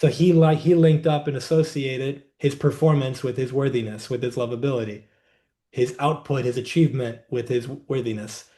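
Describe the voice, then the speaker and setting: Man, warm low-key voice, measured, reflective, podcast guest telling stories. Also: fairly even intonation. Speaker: guest, energy healer and coach. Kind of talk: podcast interview storytelling.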